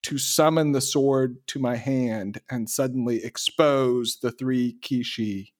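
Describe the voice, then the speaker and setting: A man's voice: medium pitch, steady tone, slow. A man playing a fighter in a tabletop game, upbeat and joking. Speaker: player.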